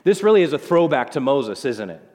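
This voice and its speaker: A man's voice: medium pitch, sing-song, a little fast, a little mellow. A man preaching a conversational Bible sermon, acting out quoted lines with changing voices. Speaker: pastor. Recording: long hall reverb.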